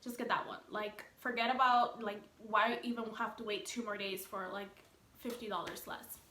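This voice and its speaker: A young woman vlogger telling a story in a casual, animated way, acting out what others said and saying "like" a lot. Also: mid-range voice, normal speed, slight background noise. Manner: animated retelling, acting out quoted people, many "like" fillers. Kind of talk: storytime vlog. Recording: echoey room.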